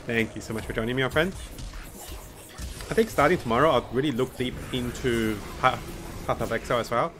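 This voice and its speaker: Male streamer, mid-pitched voice, chatty play-by-play with frequent chuckles, soft music underneath. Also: a little fast, long pauses. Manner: thinks aloud, chuckles often, greets viewers. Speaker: game streamer. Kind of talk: live gameplay commentary.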